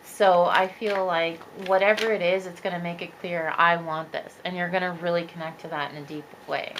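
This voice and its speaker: A woman's voice: fairly low pitch, steady tone, normal speed, a bit bright, slight background noise, poor audio. Chatty upbeat woman reading tarot. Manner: chatty, upbeat, talks straight to viewers. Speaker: tarot reader and spiritual coach. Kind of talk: casual tarot reading monologue.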